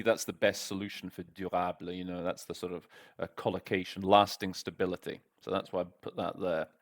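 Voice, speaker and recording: A man's voice: medium pitch, a bit bright. A man teaching interpreting, talking through a text in a casual way, thinking aloud with many fillers and restarts. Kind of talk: casual explanatory lesson.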